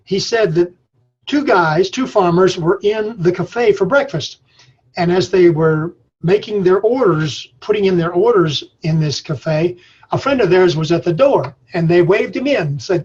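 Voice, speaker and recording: A folksy older man from Colorado tells stories in a webinar lesson, his voice pitched a bit high with a husky edge. The sound is dull and lo-fi, as from a webinar feed. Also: animated, a little slow. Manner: folksy, storytelling, says y'all. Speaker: extension speaker on farm mental health. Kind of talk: webinar presentation. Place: his office.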